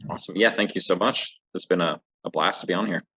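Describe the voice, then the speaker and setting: A man's voice: deep voice, quick pace, bright, forceful tone, breathy edge. A man, a brewery owner guest on a podcast, chatting upbeat and a bit hesitant, with fillers. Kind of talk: casual interview chat.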